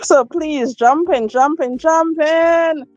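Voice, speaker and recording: A woman hosts a live chat on her phone, talking slowly and repeating phrases, often breaking into laughter. Her voice sits a little high. The sound is dry and close, with faint music underneath. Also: a little mellow, no room sound, dull audio. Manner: slow, repetitive, laughs often. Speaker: livestream host.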